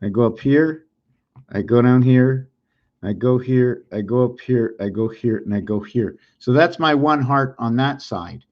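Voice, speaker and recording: A man's voice: medium pitch, a little slow, highs cut off. A man thinking aloud as he draws and explains, rambling and musing, often unsure of himself. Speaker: video creator.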